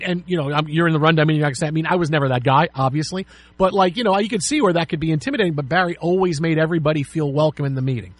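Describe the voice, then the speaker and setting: A middle-aged man co-hosting a sports talk show, telling lively stories and acting out quotes in a casual way. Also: on the high side, no echo. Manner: animated storyteller, acts out quotes. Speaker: sports radio co-host.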